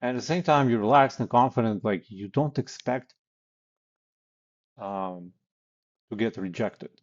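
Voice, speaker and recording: In casual instructional talk, a man coaches on sales calls bluntly, using many fillers and acting out example lines. His voice is medium-pitched and measured in pace, with lo-fi sound quality.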